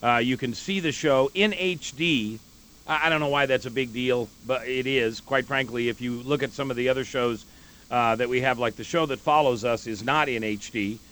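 A man hosting a political talk radio show, emphatic and climbing in pitch when heated. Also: moderate pace, a bit bright.

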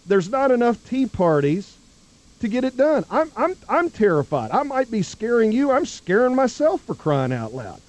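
A man, a guest on a political talk radio show, rambling with many restarts and trailing off low. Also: sing-song, normal speed, darkish tone.

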